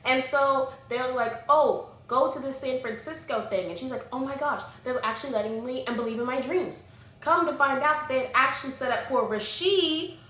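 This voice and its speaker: A young woman reviewing books in a casual chat, gushing and animated, dropping to soft murmurs and rising to loud exclamations. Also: fairly high pitch. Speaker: book vlogger. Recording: echoey room with faint noise.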